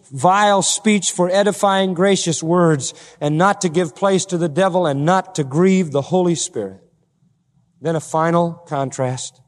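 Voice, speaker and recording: A male pastor preaching a sermon, full of rhetorical questions and building to forceful, emphatic climaxes. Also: a little high. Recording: long hall reverb.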